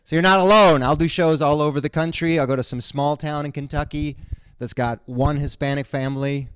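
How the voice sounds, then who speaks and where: A man performing a stand-up comedy set, animated, jumping into high character voices. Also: fairly quick, clean tone, dry recording.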